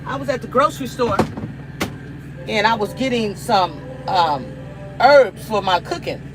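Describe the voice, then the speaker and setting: She's a middle-aged American hosting a live cooking stream, and she lectures her audience emphatically, repeating herself in a preachy manner. Her medium-pitched voice is animated yet measured in pace, over background noise.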